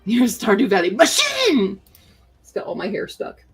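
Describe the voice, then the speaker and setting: Slightly fast and a touch rough yet a little mellow, this medium-pitched woman runs a casual writing-sprint stream from home. She banters playfully and talks to her pet bird, with soft music underneath.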